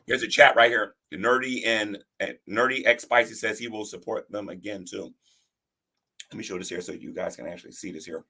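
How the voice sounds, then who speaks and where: Gravelly low man on a livestream. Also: steady tone, a little fast, bright, forceful tone. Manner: defensive, repeats words and restarts often. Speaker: livestream commentary host. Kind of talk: casual commentary on a livestream.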